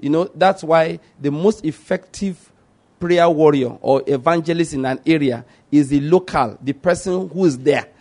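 Guy preaching a sermon, bit high voice, keeps asking do you understand. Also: moderate pace, a little mellow. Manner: repeats points, asks "do you understand my point?".

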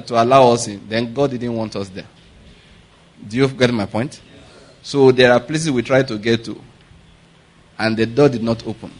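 A middle-aged Nigerian-accented pastor preaching in an easy, talky way. His voice sits at an ordinary male pitch. He keeps turning to the congregation to ask whether they get his point. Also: rough recording. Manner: conversational preaching, often asks the congregation if they follow. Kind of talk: sermon.

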